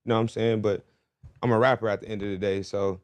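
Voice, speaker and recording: A man talking quickly at a medium pitch, telling a story as a podcast guest. His sound is dry and close. He keeps checking in with "you feel me" as he goes. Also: dry recording. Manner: fast, animated storytelling full of "you feel me". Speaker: rapper guest.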